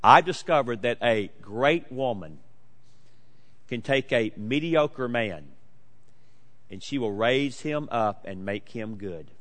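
A man in his late forties preaching a sermon, emphatic and swinging between loud declarations and hushed asides. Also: mid-range voice, expressive, slow pace, pauses often, big-room sound. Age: 40s. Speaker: pastor.

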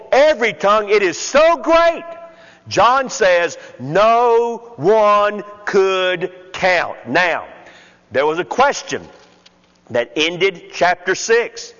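Slow, high-voiced preacher in a reverberant hall. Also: male voice, fairly bright tone. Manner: slow, deliberate expository preaching with counted points. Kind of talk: sermon. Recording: muffled sound with long hall reverb.

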